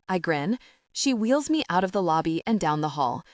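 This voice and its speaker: A woman narrating a first-person audiobook in an expressive, wry storytelling voice. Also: fairly low pitch, moderate pace, dry recording, studio quality, recorded from a distance.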